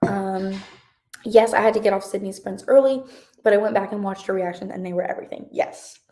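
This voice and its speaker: Her voice sits in the mid-range, warm and a little fast. She's a young woman in her twenties on a live reading stream, bubbly and rambling as she reads chat comments aloud and responds casually, sprinkling in many fillers.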